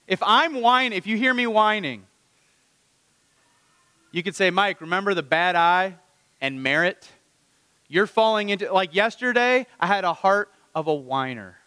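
A man preaching a sermon to his congregation, animated and full of rhetorical questions. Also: on the high side, smooth, big-room sound. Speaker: pastor.

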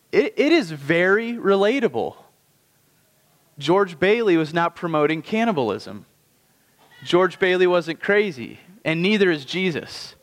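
Male pastor, sermon; slightly high voice, conversational delivery with slow emphasis, long hall reverb. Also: very animated.

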